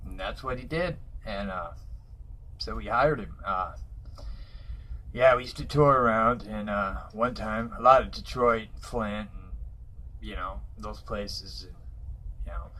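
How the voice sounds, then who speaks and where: A man's voice: lowish voice, a little slow, long pauses, pushed and bright, slight background noise, poor audio. A man, telling stories casually to his viewers, rambling with lots of fillers and chuckling mid-sentence. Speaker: vlogger. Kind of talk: casual storytelling.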